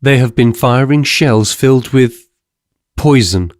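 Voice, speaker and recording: A man's voice: mid-range voice, a little slow, no room sound, clean studio sound, close to an everyday voice. A man voicing a respectful young male messenger who keeps addressing his listener as sir, in an audiobook. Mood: grave, respectful. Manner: deferential, keeps saying sir.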